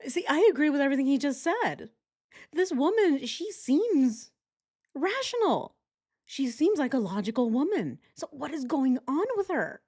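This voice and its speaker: A woman hosts a casual livestream and reacts to true crime clips. Her pitch swings all over as she talks, and she laughs often. Her comments are sarcastic. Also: very animated, normal speed, a little mellow.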